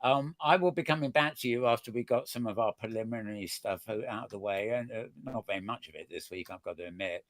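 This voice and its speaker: A man hosting a talk show, handing over to a co-presenter in a relaxed, hesitant way with many fillers. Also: on the low side, fast talker, few pauses, no room sound.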